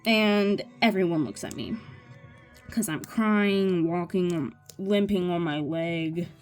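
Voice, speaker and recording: Young female vlogger, unhurried rambling storyteller, light music bed. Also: on the low side. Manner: chatty, rambling, restarts mid-sentence. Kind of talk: casual storytelling while crafting.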